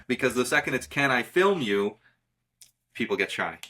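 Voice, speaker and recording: As a guest in a casual magic conversation, a man talks shop in a bright, forceful, mid-range male voice with big pitch swings. He is emphatic and insistent, often repeating words to push a point, at a moderate pace with slight background noise.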